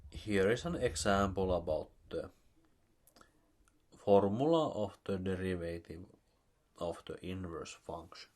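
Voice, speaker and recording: A man with a Finnish accent giving a recorded math lecture, explaining step by step with many pauses and fillers. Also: sits low, darkish tone. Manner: slow, halting, with many fillers.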